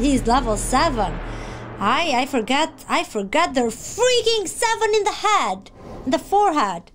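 A woman streamer giving excitable live reaction commentary on a video game, shrieking, gasping and talking to the characters on screen. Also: sits high, a little slow, heavy background noise. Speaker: gaming streamer.

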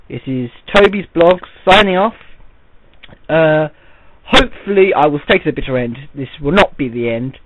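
Bloke on a tinny phone-ish recording, bit higher voice, rambles then gets all worked up and ranty. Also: male voice, expressive, normal speed, background noise. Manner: rambling, works himself up into an indignant rant. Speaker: vlogger. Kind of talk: casual audio-only vlog monologue. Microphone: voice recorded without camera.

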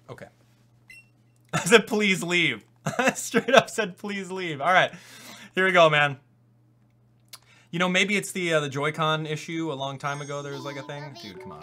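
A young man giving casual live-stream commentary on a video game, swinging from low mumbles to loud disbelief. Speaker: gaming YouTuber.

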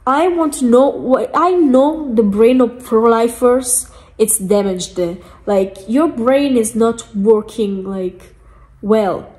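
An angry woman vlogger rants from home, swearing freely and hammering her points with repeats. Her voice sits a little high, and she drags her words out slowly. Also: darkish tone. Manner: angry, profane, emphatic ranting. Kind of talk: ranting vlog chat. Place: lying down at home.

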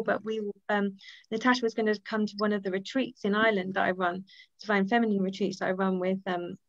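A woman's voice: medium pitch, dry recording, muffled recording. A woman hosting her own book launch on a video call, thanking a friend and reading aloud from her book in a gushing, grateful manner. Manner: gushing and grateful, laughs easily.

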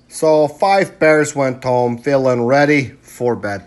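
A man reading a children's picture book aloud, halting often with small fillers. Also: mid-range voice. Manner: slow and halting, frequent "uh" fillers. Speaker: storybook reader.

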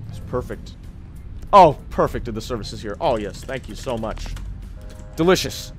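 A man casually commentating his own gameplay in a chatty, excitable way, calling everyone dude. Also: mid-range voice, moderate pace, soft background music. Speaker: gaming streamer.

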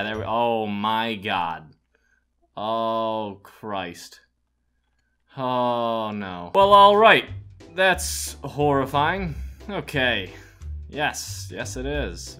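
Bright-voiced man doing gaming commentary. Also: lowish voice. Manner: animated, jokey, talks to himself while building; yelps and shouts in panic. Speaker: gaming YouTuber. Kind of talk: let's play commentary.

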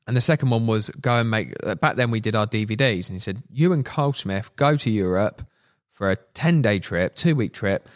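A man's voice: on the low side, moderate pace, few pauses. Slangy man telling stories. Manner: animated, slangy, acts out quotes. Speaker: podcast guest. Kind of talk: casual storytelling.

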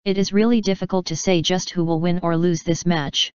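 A seasoned elder alchemist, awed yet measured, voiced by a woman narrator in a low, very smooth tone. It is an audiobook read plainly, on a dull, dry lo-fi recording. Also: fairly even intonation, a little mellow, no room sound, natural voice.

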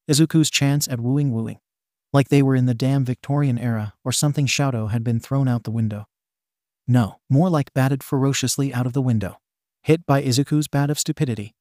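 Male narrator for read-aloud fan fiction, steady delivery, mid-range voice. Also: mid-range voice, no room sound, studio quality.

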